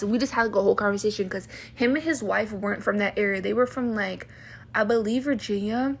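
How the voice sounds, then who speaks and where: Ranting young woman with a husky, fried voice. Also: mid-range voice, fast. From Baltimore area, USA. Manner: heated, indignant, ranting with many fillers and restarts. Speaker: vlogger. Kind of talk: casual rant to camera.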